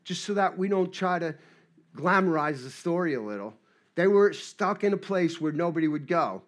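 A man preaching a sermon in a conversational way, moving between hushed and emphatic passages. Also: a little high, expressive, moderate pace. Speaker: pastor.

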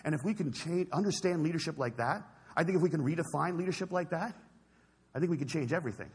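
Fast-talking man with a husky voice. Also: fairly high pitch, a little mellow. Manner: earnest, direct appeals to the audience. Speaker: speaker giving a public talk. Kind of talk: inspirational storytelling talk. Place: large hall on a stage. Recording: long reverb of a large hall.

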